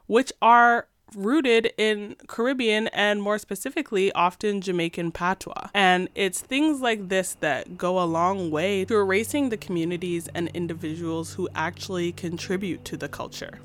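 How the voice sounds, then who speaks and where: A woman from Canada hosting a podcast, narrating in a measured, explanatory way and putting questions to her guests. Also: medium pitch, dry recording. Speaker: podcast host. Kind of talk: scripted narration and interviewing.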